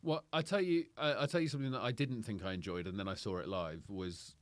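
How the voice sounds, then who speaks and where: A man guesting on a chat podcast as a comedian, getting excited and laughing easily as he answers. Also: lowish voice, dry recording. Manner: excitable, laughs often, quick bursts of enthusiasm.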